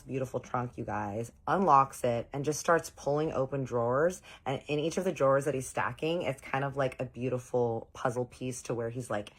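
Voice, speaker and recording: A woman with an unusually deep, low-pitched voice tells a long casual story to the camera. She talks in a chatty, gossipy way and breaks into quoted lines from her friends. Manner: chatty, gossipy, animated retelling with quoted dialogue. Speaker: storyteller vlogger.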